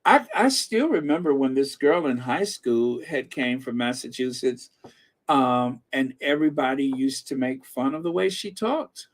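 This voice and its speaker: A middle-aged Midwestern American man hosts a casual livestream in an unhurried, mid-range voice. He's chatty and laughs often, reading viewer comments from the live chat aloud with plenty of fillers.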